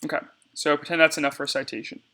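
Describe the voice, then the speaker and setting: A man's voice: fairly high pitch, little pitch movement, racing, pushed and bright. A young man giving a casual step-by-step screencast tutorial on cutting debate cards, talking to viewers as y'all.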